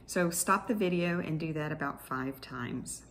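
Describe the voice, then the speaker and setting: A woman's voice: sits low, a little slow, fairly bright tone, a little hiss or hum. A woman speech-language pathologist leading an online exercise class, explaining each step patiently in clinical terms, with small restarts.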